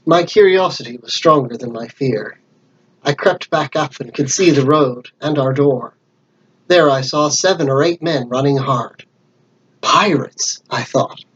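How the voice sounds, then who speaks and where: A man reading a classic adventure book aloud as storyteller, with lively character voices. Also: mid-range voice, unhurried, lo-fi sound, a little hiss or hum.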